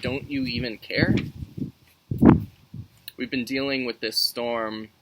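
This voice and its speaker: Man, youth minister, casual teaching talk, bright tone, gravelly edge, outdoors, faint background noise. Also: medium pitch, poor audio. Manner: friendly, conversational teaching with scripture reading.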